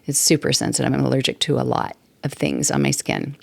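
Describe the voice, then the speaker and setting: A woman's voice: very deep voice, level tone, a little fast, creaky, dry recording. A woman in her sixties hosting a podcast, talking casually and rambling, with frequent laughs. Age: 60s. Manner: chatty, rambling, laughs often. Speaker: podcast host. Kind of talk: casual solo talk. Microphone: desktop mic at computer.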